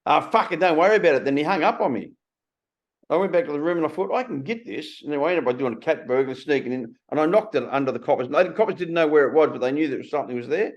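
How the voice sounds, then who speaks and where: An Australian man in his sixties hosting a casual conversation, blunt and animated, swearing freely. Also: medium pitch. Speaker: podcast host. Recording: slightly muffled recording.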